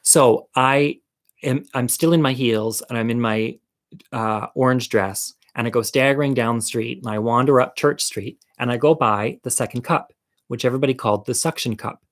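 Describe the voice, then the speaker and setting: A man tells a comic personal story in a casual monologue, with a mid-pitched voice. He is campy and candid, and he makes fun of himself. He keeps turning to the viewer with chatty asides. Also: moderate pace. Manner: campy, candid and self-deprecating.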